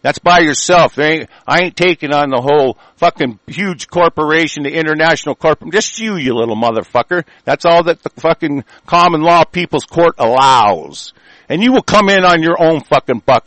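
A man's voice: a little high, expressive, normal speed, a bit bright, dry recording. A man in an angry political rant, talking in a profane, aggressive way and stumbling over restarts.

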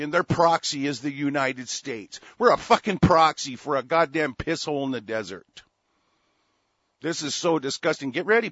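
A man rages through a profane solo monologue, his slightly raised voice breaking into shouts between halting restarts. The sound is close and dry with no room around it. It is muffled and lo-fi, like a cheap home setup. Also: on the high side, no echo. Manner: furious, profane, shouting bursts, stumbling restarts. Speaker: solo commentator. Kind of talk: angry ranting monologue. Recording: dull lo-fi dry recording.

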